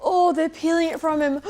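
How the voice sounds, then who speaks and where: A young woman hosting a reaction video, chatting casually and excitedly, often gasping and exclaiming. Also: on the high side.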